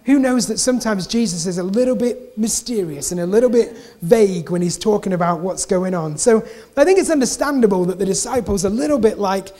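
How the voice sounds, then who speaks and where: A preacher giving a conversational sermon, repeating key phrases for emphasis, with relaxed, chatty asides. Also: mid-range voice, fairly quick, few pauses.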